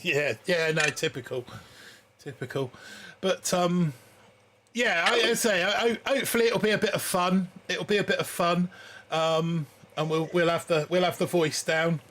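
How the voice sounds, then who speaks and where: Chuckling man, slightly high voice. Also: moderate pace, fairly bright tone. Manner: chuckling, rambling storyteller. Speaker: stream co-host. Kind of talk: casual live-stream chat.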